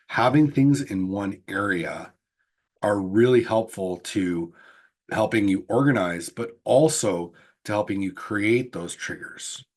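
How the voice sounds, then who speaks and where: Guy running an online workshop on a video call, low voice, bit husky, earnest explainer. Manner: earnest, explanatory, some restarts. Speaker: workshop presenter.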